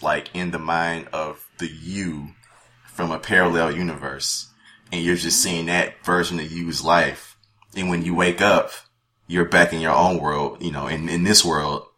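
A man's voice: sits low, sharp tone. A young man co-hosting a podcast, talking in a rambling, laid-back way and swearing casually. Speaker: podcast co-host. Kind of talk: casual chat.

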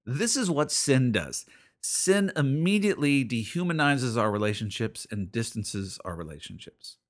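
A man of ordinary pitch gives a radio sermon in an earnest, conversational manner. He talks to listeners as the host of the show and builds his points through repeated phrases. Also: big pitch swings, moderate pace.

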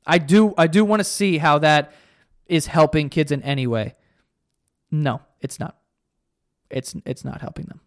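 A man's voice: a little high, unhurried, long pauses, no echo, clean studio sound. Heated young man ranting on a podcast. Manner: heated, profane, sarcastic. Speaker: podcast host. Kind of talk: solo podcast rant.

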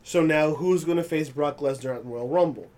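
A man's voice: moderate pace, darkish tone. Incredulous young man with a raised voice. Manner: incredulous, jokey, squeaks up in disbelief. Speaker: podcast co-host. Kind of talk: casual chat recapping wrestling.

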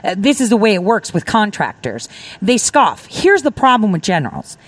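A woman's voice: medium pitch, big pitch swings, normal speed, no room sound. Emphatic woman on dry talk radio. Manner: emphatic, rambling, acts out quoted exchanges. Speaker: guest; defense contractor. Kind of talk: political talk radio conversation.

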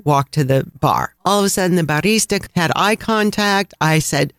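A man's voice: a little high, moderate pace, few pauses, no room sound, clean studio sound. Man with a Chicago accent telling stories. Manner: lively anecdotal telling, frequent laughs. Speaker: travel podcast co-host. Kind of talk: casual storytelling chat.

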